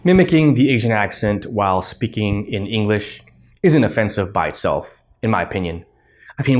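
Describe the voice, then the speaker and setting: A man hosting his own podcast, rambling bluntly through a casual solo commentary with offhand swearing. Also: lowish voice. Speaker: podcast host.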